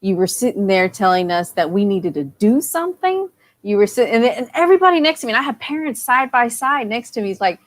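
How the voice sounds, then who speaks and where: Excited woman with a fairly high voice. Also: fast, no room sound. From Texas. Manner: enthusiastic, full of fillers, laughing often. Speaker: parent delegate guest. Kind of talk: casual storytelling chat.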